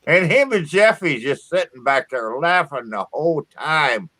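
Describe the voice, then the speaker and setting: A man's voice: a little high, lively intonation, measured pace, sharp tone, dry recording. A man from southern Indiana hosting a casual chat, swearing freely and stumbling over restarts. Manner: profane, stammering restarts. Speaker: podcast host.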